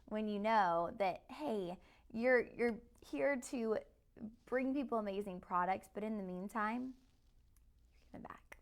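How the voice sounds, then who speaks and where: Chatty woman host, live shopping pitch, slight vocal fry. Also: measured pace. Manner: chatty, upbeat, speaks directly to viewers.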